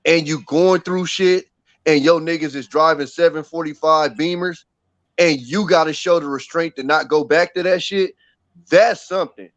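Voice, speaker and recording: A man's voice: fairly high pitch, fairly bright tone, dry recording, highs cut off. A man talking in a casual panel chat, emphatic and profane, laughing often. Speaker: podcast host.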